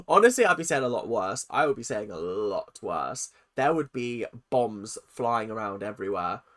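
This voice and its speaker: Brief: twenties reactor, sarcastic, animated, swears a lot, mid-pitched voice. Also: moderate pace. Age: 20s. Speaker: reaction video host. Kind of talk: ranting reaction commentary.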